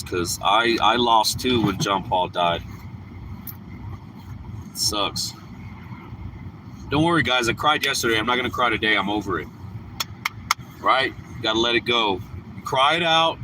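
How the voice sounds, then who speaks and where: A man's voice: mid-range voice, lively intonation, unhurried, pauses often, noisy background. A man hosting a casual livestream, rambling and candid, telling crude family stories from his car. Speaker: livestream host.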